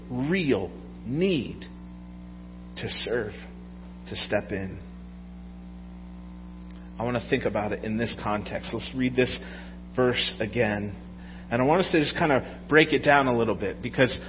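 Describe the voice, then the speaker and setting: A man's voice: medium pitch, slight background noise. A man preaching a sermon to a congregation in a conversational way, often asking the audience questions. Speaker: pastor. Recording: dull sound with long hall reverb.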